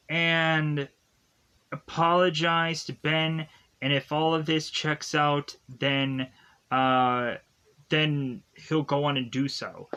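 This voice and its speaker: A man with a slightly high voice walks through a movie's plot at an unhurried pace. He rambles in a casual, filler-laden way, like a reviewer thinking aloud. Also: sharp tone. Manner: rambling, filler-heavy retelling with many "like" and "is to go on". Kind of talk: casual spoken plot recap.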